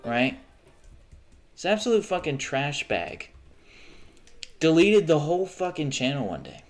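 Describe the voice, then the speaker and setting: A man's voice: on the high side, very animated, measured pace, soft background music. A young man livestreaming from home, ranting casually with lots of swearing and frequent restarts mid-sentence. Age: young adult. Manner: profane, ranting, frequent self-interruptions and restarts.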